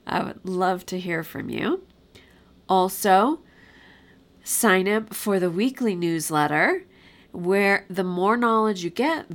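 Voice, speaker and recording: A woman's voice: fairly low pitch, gravelly. A woman podcast host with a nasal voice from a cold, talking in a direct, friendly way about classroom behavior. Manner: friendly, direct, with fillers like um and you know. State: has a cold. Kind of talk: podcast talk, casual teaching.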